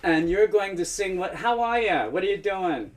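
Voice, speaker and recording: A woman's voice: medium pitch, expressive, moderate pace, rough recording. A woman hosting an online open mic over a video call, chatty and full of fillers. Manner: chatty, warm introductions with fillers. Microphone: computer on a video call.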